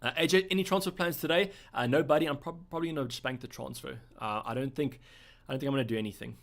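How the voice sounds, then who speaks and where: A young man from South Africa hosts a casual live stream at a mid pitch. He answers viewer questions in a relaxed, thinking-aloud way. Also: fast, vocal fry. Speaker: livestream host.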